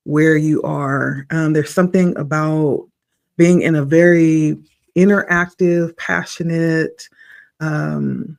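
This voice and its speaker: A man with a somewhat high voice gives a spiritual tarot reading, his throat a little rough with morning hoarseness. He speaks very slowly, pausing often, with a reflective and encouraging manner. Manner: slow, reflective, encouraging delivery. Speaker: tarot reader.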